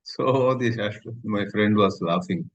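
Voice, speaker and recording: A man giving a scripture lecture, telling stories in a lively, conversational way and using Sanskrit terms. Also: lowish voice, a little slow. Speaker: spiritual teacher. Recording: slightly muffled lo-fi recording.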